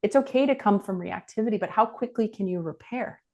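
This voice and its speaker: A woman's voice: mid-range voice, a little fast, warm tone, lo-fi sound. A middle-aged woman speaking as a guest on a podcast interview, earnest and reflective.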